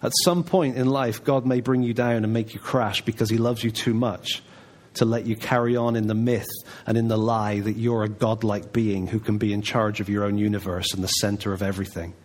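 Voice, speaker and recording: A man's voice: on the low side, little pitch movement, fairly quick. A man preaching a sermon in a church, talking in a conversational, emphatic way. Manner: conversational, emphatic, voices God's replies softly.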